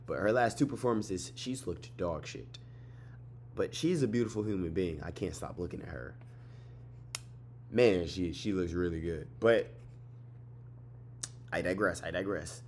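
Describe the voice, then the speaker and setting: Tired young guy with a lowish voice, excitable, profane fight recap vlogger. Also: a little slow, pauses often, a little hiss or hum. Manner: excitable, swearing, repeats phrases, trash-talks. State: tired, yawning late at night. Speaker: MMA fight recap host. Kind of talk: casual fight breakdown vlog.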